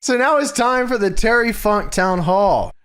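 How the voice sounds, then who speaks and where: A man chatting casually as co-host, adding relaxed asides to a wrestling recap. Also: high-pitched, measured pace, clean tone. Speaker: podcast co-host. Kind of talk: casual chat.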